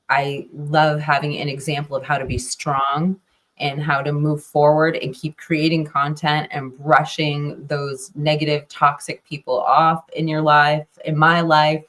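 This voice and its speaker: Woman, co-host, gushing, affectionate, effusive, rambling. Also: low voice. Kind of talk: emotional podcast conversation.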